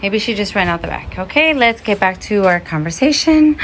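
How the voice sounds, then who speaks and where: A woman's voice: mid-range voice, lively intonation, normal speed. A woman chatting casually to camera about her orchids, rambling and easily startled, recorded outdoors by her backyard pergola. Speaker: orchid vlogger. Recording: outdoor recording with clear background noise.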